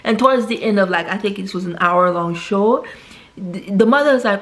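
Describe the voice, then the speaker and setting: A woman's voice: moderate pace, a bit bright. A woman talking casually to her viewers in a rambling monologue, tagging "right?" onto her sentences. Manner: rambling, says "right?" constantly; acts out quoted characters in a higher voice. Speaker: vlogger.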